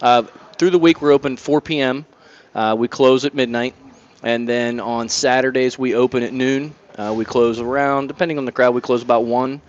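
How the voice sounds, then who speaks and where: A man's voice: mid-range voice, steady tone, moderate pace. Easygoing bar owner man, dull lo-fi sound. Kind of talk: casual interview answers.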